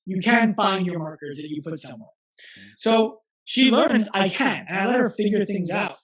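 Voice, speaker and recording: A man in his thirties, a guest in an interview, talking earnestly and telling stories with quick restarts. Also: sits high, animated, a bit bright, roomy sound, low-quality recording. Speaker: guest, physical therapist and coach. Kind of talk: conversational interview.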